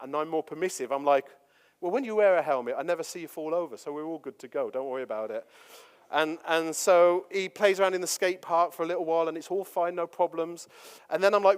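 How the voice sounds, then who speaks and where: A man's voice: on the high side, clean tone. Chatty man preaching in a hall. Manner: chatty, self-deprecating storytelling. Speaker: pastor. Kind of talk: storytelling sermon.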